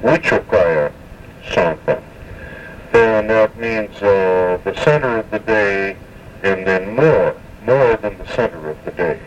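Slow, low-voiced man teaching vocabulary. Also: far from the mic, highs cut off, slight background noise. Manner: slow, careful, repeats words for pronunciation, many hesitations. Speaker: language teacher. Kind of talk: spoken language lesson.

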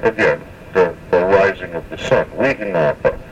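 A man giving a spoken language lesson, slowly and carefully repeating words to show their pronunciation, with many hesitations. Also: on the low side, recorded from a distance, lo-fi sound, a little hiss or hum. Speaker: language teacher.

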